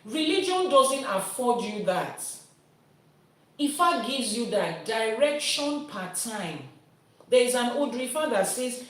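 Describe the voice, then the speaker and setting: A priestess from Nigeria, speaking a little slowly in a voice on the high side, explains things to viewers with everyday comparisons. Her delivery is lively and teacherly, and the far-off mic leaves a roomy sound.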